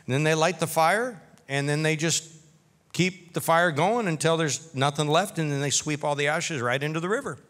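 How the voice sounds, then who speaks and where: A man's voice: a little high, normal speed, a bit bright, big-room sound. A man preaching a sermon as pastor, talking in a conversational way and stopping for humorous asides.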